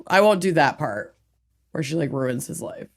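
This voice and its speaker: Animated swearing woman podcast host. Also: low voice, moderate pace. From Minnesota. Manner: animated, swears freely, laughs often. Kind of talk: casual chat.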